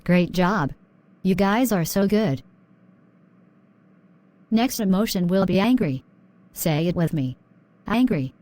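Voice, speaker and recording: A woman's voice: on the low side, lively intonation, takes it slowly, pauses often, darkish tone. A woman teaching English vocabulary in a scripted drill, encouraging and repeating words.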